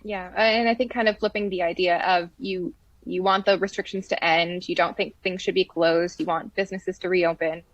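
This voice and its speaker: Low-voiced woman in a dry news clip. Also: steady tone, moderate pace, dry recording. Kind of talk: news interview question. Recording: dry dull clip audio.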